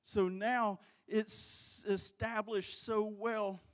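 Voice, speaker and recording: A man's voice: sits high, level tone, drawn-out words, smooth. A male pastor preaching a sermon in a church, impassioned and repeating key phrases for emphasis. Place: church sanctuary.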